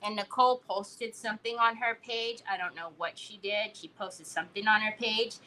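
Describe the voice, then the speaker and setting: A woman hosting a live crafting stream, chatting casually and telling animated stories as she works. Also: medium pitch, normal speed, rough recording. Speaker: craft livestream host.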